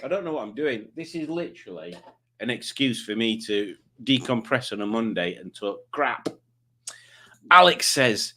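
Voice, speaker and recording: A man's voice: mid-range voice, expressive, moderate pace, bright, forceful tone. Rambling Yorkshire man hosting a stream. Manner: rambling, self-deprecating, chatty. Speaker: live stream host. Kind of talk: casual chat reading comments.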